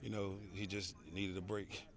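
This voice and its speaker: A man, a high school head football coach, giving an earnest outdoor interview at practice, often saying "you know" and repeating words. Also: little pitch movement, moderate pace. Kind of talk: on-field interview.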